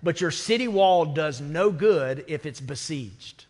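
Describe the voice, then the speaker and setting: A man's voice: fairly high pitch, animated, measured pace, darkish tone. A man preaching a sermon as pastor, conversational and full of rhetorical questions. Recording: church sanctuary with long reverb.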